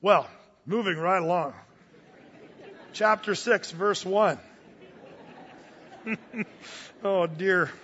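A man's voice: sits high, very slow, pauses often, fairly bright tone, a faint crowd, slight background noise. A male pastor giving a sermon to his church in a casual, folksy way, with asides and restarts. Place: church hall. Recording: dull audio with long reverb in a church hall.

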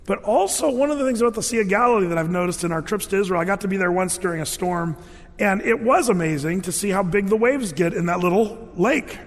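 A man with a high voice preaches a sermon, telling stories with lively voiced quotes and playful sound effects. His voice rings out in a large hall with a long reverb. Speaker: pastor.

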